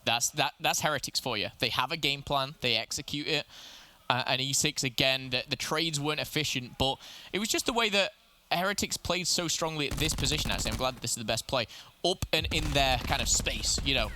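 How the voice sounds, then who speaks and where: A man commentating a competitive video game match, excitable and analytical, often restarting his sentences, with game noise behind him. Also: medium pitch, brisk. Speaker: esports caster. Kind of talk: play-by-play commentary.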